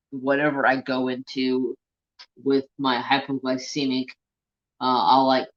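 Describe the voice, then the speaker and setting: On his crafting channel's live stream, a man from the United States swaps stories and reads viewer comments in casual chat. His medium-pitched voice has a fairly bright tone, though the recording is dull and lo-fi.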